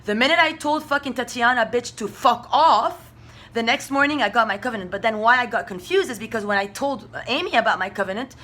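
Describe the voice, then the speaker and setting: A woman's voice: fairly high pitch, a little fast, sharp tone. A woman from Russia, talking in a rambling, emphatic and profane monologue. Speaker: spiritual vlogger.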